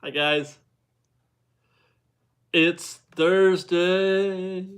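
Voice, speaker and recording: A man's voice: high voice, extremely slow, pauses often, fairly bright tone, smooth. A man hosting a casual live stream, chatting loosely with viewers, rambling and laughing as he talks. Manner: rambling, chatty, laughs often, restarts sentences. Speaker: livestream host reading viewer chat.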